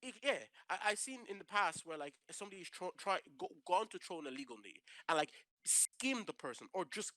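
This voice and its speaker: Lively, animated man chatting casually. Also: high-pitched, fairly quick, hardly any pauses, dry recording, rough recording. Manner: animated, restarts often, acts out quotes. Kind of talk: casual chat.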